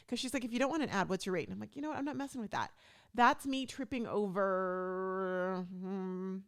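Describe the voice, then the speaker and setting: A woman hosting her own podcast, talking casually and chattily, acting out what people said to her. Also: mid-range voice. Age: adult stepmom. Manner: chatty, animated, acts out quoted talk. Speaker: podcast host. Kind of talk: casual solo talk.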